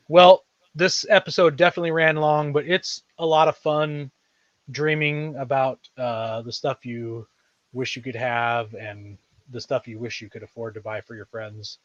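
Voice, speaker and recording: A man's voice: medium pitch, no echo, highs cut off. A man hosting a podcast in casual chat, rambling and thinking aloud as he talks. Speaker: podcast host.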